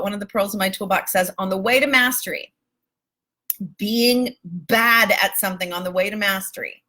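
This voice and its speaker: Bright-voiced woman life coach, emphatic. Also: mid-range voice. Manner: warm, emphatic, calls listeners baby and my love; casual, swears freely. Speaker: self-love life coach. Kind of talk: live-stream coaching talk.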